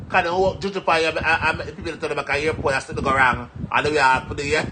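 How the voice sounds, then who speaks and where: A man's voice: a little high, a little fast, hardly any pauses, background noise. A man from Jamaica with a Jamaican accent, chatting casually and animatedly on a live stream, rambling and laughing between stories.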